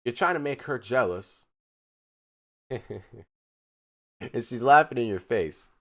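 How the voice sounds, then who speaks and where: A man streaming live, reacting to text messages in casual commentary, mocking and animated, reading quotes in a flat voice. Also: medium pitch, slow pace.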